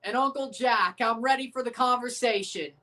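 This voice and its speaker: A woman doing a slow, menacing gangster boss Tommy Shelby. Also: fairly high pitch, bright, forceful tone.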